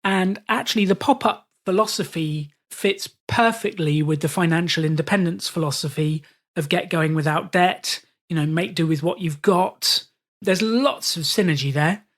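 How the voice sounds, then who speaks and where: A British man, a podcast host, telling stories in a relaxed interview and acting out the voices of people he quotes. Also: fairly high pitch, normal speed. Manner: animated, acts out quoted voices. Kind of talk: storytelling in casual conversation.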